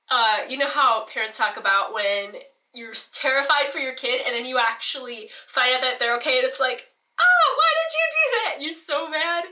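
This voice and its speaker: A woman's voice: on the high side, sharp tone, recorded from a distance. A teenage girl telling a personal story in a rambling, self-deprecating way, laughing often. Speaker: vlogger. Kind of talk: casual storytelling.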